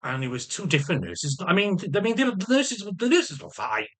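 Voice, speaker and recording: A man's voice: high voice, wildly swooping pitch, fairly quick, a bit bright. A man in a casual video diary, rambling emotionally, swearing heavily and stammering through restarts. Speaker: vlogger.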